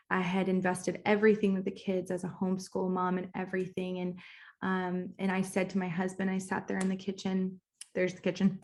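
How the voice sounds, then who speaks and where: A business coach in her thirties, with a medium-pitched, darkish voice, tells her own story for a recorded course lesson at home, a kitchen nearby. She is candid and conversational, restarting and using fillers. She becomes emotional and emphatic when she reaches her sense of purpose.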